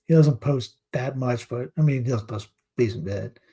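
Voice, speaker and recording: A man's voice: medium pitch, normal speed, dark tone, husky. A middle-aged man from North Carolina, hosting a casual news commentary show, reading headlines aloud and mocking them, with rambling asides. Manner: sarcastic, reads headlines aloud and mocks them; rambling asides while searching for clips.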